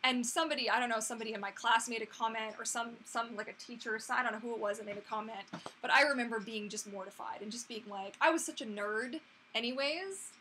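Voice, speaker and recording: A woman's voice: a little high, fast talker, pushed and bright, slight background noise. A woman in her thirties hosting a casual live Q&A, chatty and rambling, full of fillers and restarts. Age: 30s. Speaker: livestream host answering viewer questions.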